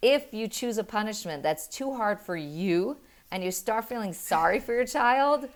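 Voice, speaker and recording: A middle-aged woman and mother explaining parenting in an earnest, animated way, telling stories with quick laughs. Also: medium pitch. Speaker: parenting guest. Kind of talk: conversational explaining.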